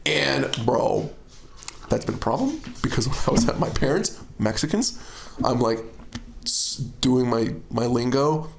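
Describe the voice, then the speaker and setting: A man hosting a podcast, telling stories in a casual, animated way and laughing often. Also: mid-range voice, measured pace, vocal fry, roomy sound, a little hiss or hum. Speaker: podcast host. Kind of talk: casual chat.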